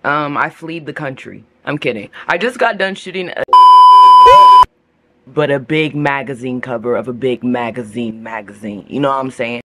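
A young American woman vlogs to camera at a friend's home, recorded close up indoors, trading crude, sarcastic jokes about her travels. Her voice is very deep and moves at a normal pace over a noisy crowd.

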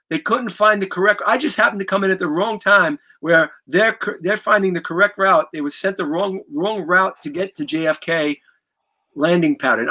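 New guy, highish bright voice, rambling swearing storyteller. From New York. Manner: animated, profane, rambling with restarts. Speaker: guest musician. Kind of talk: casual storytelling.

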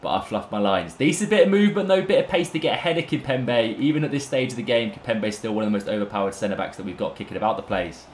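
A young man giving excitable live commentary on a football video game, full of banter and calling viewers lads and boys. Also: fairly low pitch, fast talker, hardly any pauses, slight background noise. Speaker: gaming YouTuber. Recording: roomy echo, faint background music.

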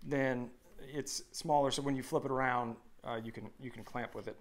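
A man's voice: medium pitch, steady tone, moderate pace, a little hiss or hum. A man in his thirties co-hosting a live stream, reading viewer comments aloud in an upbeat, joking way. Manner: upbeat, reads comments aloud, hums while scrolling. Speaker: co-host.

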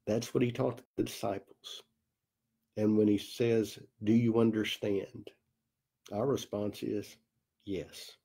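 A male pastor telling a story in a sermon, slow and deliberate with long dramatic pauses. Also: on the low side, dark tone, slightly rough. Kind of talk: sermon storytelling in a recorded Bible study.

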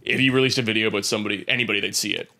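A young man co-hosting a podcast, rambling quickly with many restarts in casual chat. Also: lowish voice, fairly even intonation, gravelly, pushed and bright. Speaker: podcast co-host.

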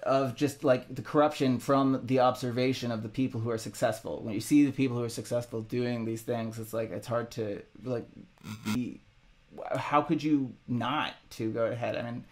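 A man musician talking casually about his own songs, halting and rambling with many restarts. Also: medium pitch, fairly even intonation. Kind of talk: casual reflective monologue.

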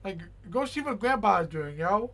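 A high-pitched young man giving casual gameplay commentary. He is excitable and fills his talk with "yo" and "bro." He repeats lines over and over and talks straight to the game character. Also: measured pace, vocal fry. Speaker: gaming YouTuber.

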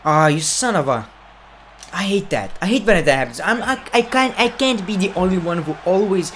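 A young man commenting on a wrestling video game, excitable and profane, sometimes doing mock announcer calls. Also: high-pitched, moderate pace, slight background noise. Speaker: gaming commentator. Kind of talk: let's play commentary.

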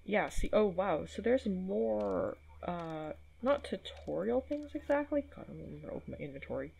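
A woman chats her way through a video game, swearing now and then and reading notes aloud. Her voice is gravelly and a little husky. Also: mid-range voice, expressive, normal speed, darkish tone, low-quality recording. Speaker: gaming video host. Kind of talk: casual let's play commentary.

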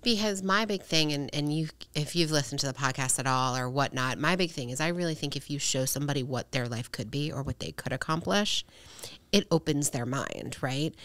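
This is a woman with a deep voice hosting a podcast, recorded with no room sound. In a casual conversational interview she talks earnestly and chattily, often finishing her points with "right?".

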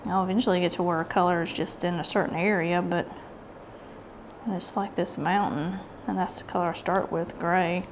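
With a lowish voice, fairly even intonation, and moderate pace, a Southern-accented woman hosts a relaxed craft tutorial. She rambles chattily and jokes at her own expense as she works, over background noise.

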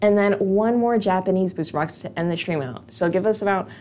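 A woman's voice: mid-range voice, fairly quick, mellow, slight background noise. A woman hosting a live stream, chatting straight to her viewers as she opens card packs.

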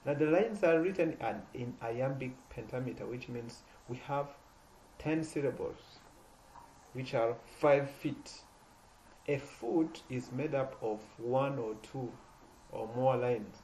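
Halting man teaching a poetry lesson. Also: a little mellow, a little hiss or hum, rough recording. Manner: halting, repeats and restarts words, stresses words with rising pitch. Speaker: literature teacher.

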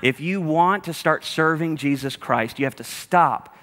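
A man's voice: a little high, measured pace, fairly bright tone, long reverb tail. A man preaching a sermon as a pastor, talking in a humorous, conversational way straight to his congregation. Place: church auditorium with a congregation.

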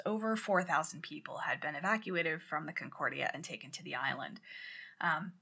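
A woman co-hosting a podcast, telling a story in casual chat, animated and swearing as she acts out quotes loudly. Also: on the low side. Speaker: podcast co-host.

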